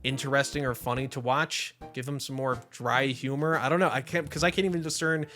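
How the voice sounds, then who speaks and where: A young man giving a casual, profane, animated commentary rant, reviewing a cartoon series to camera. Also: mid-range voice, brisk, soft background music. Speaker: show reviewer.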